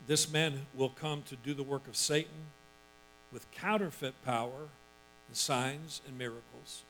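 A male pastor preaching a sermon, reading scripture and breaking into loud, emphatic asides and acted-out quotes. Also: mid-range voice, measured pace, soft background music, poor audio.

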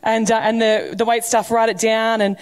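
A woman's voice: on the high side, flat delivery, normal speed. Woman preaching conversationally. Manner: conversational, humorous preaching with acted quotes. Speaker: pastor. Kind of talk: sermon. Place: church.

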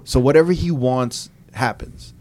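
A man and DJ telling a story in casual podcast chat, profane and animated, slipping into quoted voices. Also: mid-range voice, unhurried.

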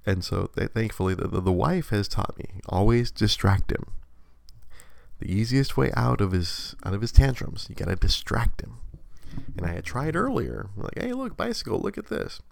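A man in his thirties tells a long story on a live stream in a very deep, gravelly voice. He rambles, restarts his sentences, and laughs at himself. The sound is dry and close to the mic. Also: normal speed, no room sound. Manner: rambling, self-mocking, many restarts and laughs. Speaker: livestream host. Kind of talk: casual storytelling chat.

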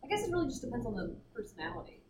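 A woman's voice: fairly high pitch, sing-song, rapid-fire. A woman in casual group chat, giggly and a bit hesitant. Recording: distant, roomy with noise.

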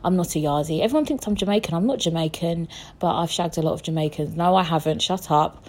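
A woman's voice: quick pace, husky. A young woman chatting casually on her podcast, frank and jokey, swearing freely and talking straight to her listeners. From England. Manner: lively swings in pitch and loudness. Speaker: podcast host.

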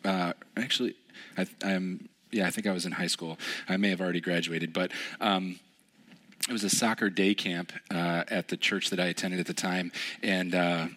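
Casual young pastor, bright low voice. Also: male voice, steady tone, moderate pace. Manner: casual, storytelling, many fillers. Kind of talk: conversational sermon.

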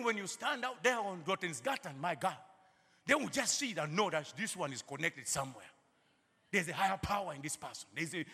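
A male preacher with a very high, husky, gravelly voice, sharp and forceful in tone. He fills his sermon with "you know" and laughs between phrases, building to shouted calls. The sound rings with the long reverb of a church hall. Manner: rises to shouting calls at peaks.

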